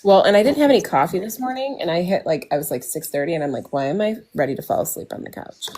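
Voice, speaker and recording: A woman, chatting in a relaxed, supportive way as she co-hosts a live painting stream. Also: fairly low pitch, fast. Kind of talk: casual chat while painting.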